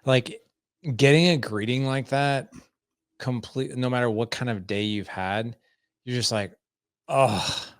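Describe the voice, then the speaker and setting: A man's voice: medium pitch, unhurried, clean tone, no echo, studio quality. A man hosting a podcast, reacting enthusiastically with many fillers in casual chat. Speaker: podcast host.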